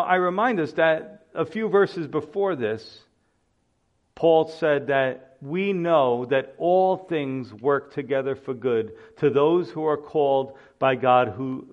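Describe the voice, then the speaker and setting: A man preaching a sermon, telling Bible stories in a lively way and acting out the voices of the people in them. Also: medium pitch, unhurried, highs cut off. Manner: animated storytelling preacher, acts out voices. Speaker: pastor.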